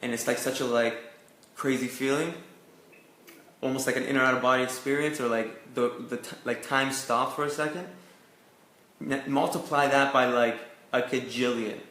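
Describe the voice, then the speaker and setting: A man's voice: medium pitch, steady tone, normal speed, fairly bright tone, roomy sound. A young man from Canada, an actor telling his career story in a casual interview, full of "like" and "you know". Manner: chatty, lots of "like" and "you know" fillers. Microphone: video call.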